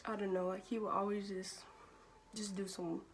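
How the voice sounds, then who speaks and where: Young woman vlogger, casual storyteller, swears freely, laughs between lines, mid-pitched, faint background hum. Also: little pitch movement, normal speed. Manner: casual, profane, laughs often, many "like" fillers. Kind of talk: storytime vlog.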